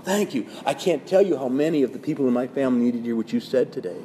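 A man preaching as a Catholic priest, urgent and pleading. His voice is warm and mellow, and it jumps up in pitch and volume when he presses a point. A faint hiss of noise sits underneath. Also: rapid-fire. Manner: urgent and pleading, with sudden rises in pitch and loudness; acts out quoted parishioners in their voices. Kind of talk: sermon-style teaching talk.

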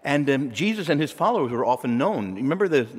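Animated preacher in a reverberant hall. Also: male voice, medium pitch, quick pace, breathy edge. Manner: conversational, animated, asks the listeners questions. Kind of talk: sermon. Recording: long reverb of a large hall.

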